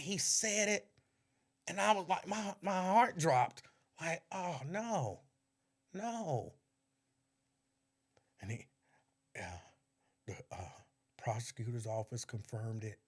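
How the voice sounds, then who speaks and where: With a slightly rough, somewhat high voice, a former radio host talks at a measured pace and leaves long pauses. On his podcast's casual livestream, he laughs often and tells animated stories about his radio years in a Cincinnati-area accent.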